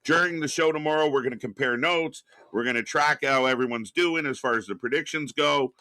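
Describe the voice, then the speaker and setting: Slight background noise sits under this bright, forceful, medium-pitched male voice that moves fairly quickly. A middle-aged man hosts a casual live stream from his home studio, reading viewer messages aloud and greeting people while rambling, restarting, using lots of fillers and swearing some.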